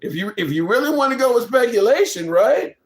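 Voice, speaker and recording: A man's voice: extremely high pitch, sing-song, brisk. A man hosting a live political stream, reading chat comments and reacting bluntly, incredulous and swearing freely. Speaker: political talk stream host.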